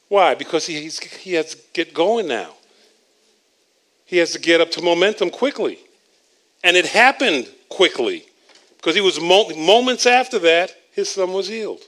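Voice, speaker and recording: A man preaching a sermon, repeating and restarting words as he swings between loud emphatic lines and quiet asides. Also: high voice, normal speed.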